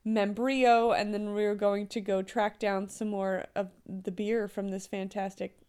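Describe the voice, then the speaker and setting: A woman's voice: mid-range voice, little pitch movement, unhurried, darkish tone, smooth. A woman hosting a podcast in casual chat, bubbly and teasing, laughing often. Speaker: podcast host.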